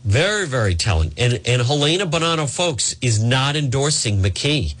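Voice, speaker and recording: Husky, animated male talk radio host. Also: medium pitch, normal speed. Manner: combative, emphatic, sarcastic. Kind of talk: opinionated political talk radio commentary.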